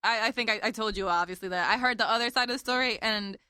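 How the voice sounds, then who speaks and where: A woman's voice: on the high side, quick pace, sharp tone, clear, resonant tone, no echo, studio quality. A young woman co-hosting a casual podcast, reacting often with short agreements and questions. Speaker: podcast co-host. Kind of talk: casual chat.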